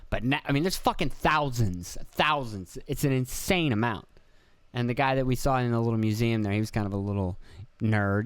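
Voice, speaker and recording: A man's voice: medium pitch, clean tone, no echo. A man in his thirties from Pennsylvania, hosting a podcast and telling rambling, profane stories about family outings, acting out the voices of the people in them. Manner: profane, rambling storyteller who acts out quoted voices. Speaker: podcast host. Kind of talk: casual rambling monologue.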